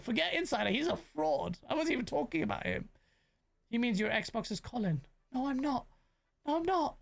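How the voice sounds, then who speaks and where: A young British man with London slang, hosting a casual gaming reaction stream, animated and rambling as he banters with his chat. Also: extremely high pitch, creaky. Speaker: gaming commentator host.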